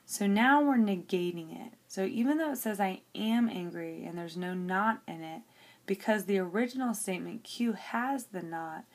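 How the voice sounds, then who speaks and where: A woman's voice: medium pitch, normal speed. A woman teacher working through a logic example on paper, explaining each step and checking in with "okay" as she goes.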